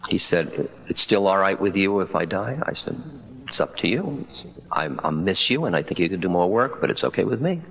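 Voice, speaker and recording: A man's voice: low voice, very animated, moderate pace, fairly bright tone, lo-fi sound. A man in his sixties giving a spiritual talk, telling stories in a conversational, wry way and quoting the dialogue. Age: 60s. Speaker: spiritual teacher. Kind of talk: public talk with storytelling. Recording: 1992 lecture recording.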